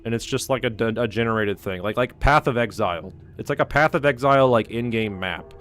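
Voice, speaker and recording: A game streamer goes on a casual, foul-mouthed rant, peppering nearly every line with "like." His mid-range voice is a touch bright and moves a little fast.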